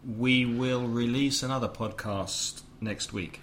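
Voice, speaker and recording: A man's voice: medium pitch, steady tone, slow pace, a bit bright, a little hiss or hum. Man casually explaining English words. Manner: explanatory, tosses in translations. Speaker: podcast host and English teacher. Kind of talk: casual teaching podcast.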